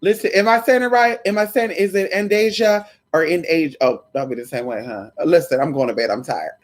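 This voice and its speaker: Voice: mid-range voice, brisk. A livestream host chatting casually with viewers, sassy and profane, calling them honey and girl, and slipping into quoted voices. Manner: animated, breaks into quoted voices.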